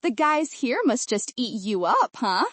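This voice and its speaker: A woman's voice: on the high side, big pitch swings, unhurried, a bit bright, no room sound, heavily acted. A woman doing a brash Southern belle. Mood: syrupy.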